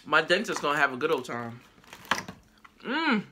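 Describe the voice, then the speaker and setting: A woman chatting casually to her viewers in a haul video, lively and exclamatory, talking straight to the camera and sometimes while chewing. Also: sits low, moderate pace, noisy background. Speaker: haul vlogger. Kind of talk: casual haul vlog chat.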